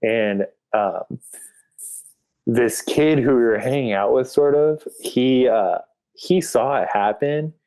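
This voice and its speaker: A man's voice: mid-range voice, slow pace, darkish tone, clear, resonant tone. Rambling casual male podcast guest. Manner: rambling, heavy on filler "like". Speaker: podcast guest, graphic artist. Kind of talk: casual storytelling in an interview.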